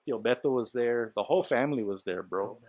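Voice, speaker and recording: A man's voice: mid-range voice, fairly quick, darkish tone, no room sound. A man hosting a podcast, telling a story in loose casual talk, full of swearing, fillers and quoted speech. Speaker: podcast host.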